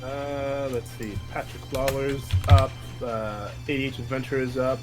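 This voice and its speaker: A man chatting casually as a co-host, laid-back and low-key. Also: level tone, a little slow, soft background music. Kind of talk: casual chat.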